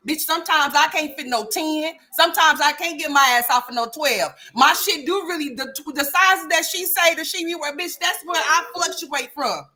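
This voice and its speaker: Bright, brash woman ranting on commentary. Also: high-pitched, moderate pace, few pauses. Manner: blunt, profane and teasing, with playful mock outrage. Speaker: commentary channel host. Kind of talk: casual reaction commentary.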